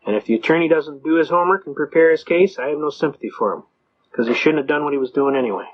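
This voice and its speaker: A man's voice: fairly high pitch, fast talker. A middle-aged American man telling courtroom stories in a blunt, folksy way. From United States. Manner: folksy, blunt, repeats words when starting a sentence. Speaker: speaker on self-representation in court. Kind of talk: folksy storytelling lecture. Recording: dull lo-fi recording.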